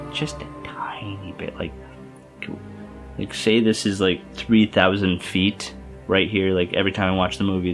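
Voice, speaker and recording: Low-voiced young man rambling about a film. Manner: rambling, enthusiastic, many fillers and restarts. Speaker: youtuber. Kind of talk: casual movie review vlog.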